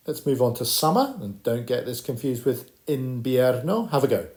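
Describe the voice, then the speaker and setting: A man teaching a primary school Spanish lesson, encouraging the children and slowly modelling phrases for them to repeat. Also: mid-range voice, very animated, a little mellow. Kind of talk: recorded classroom lesson.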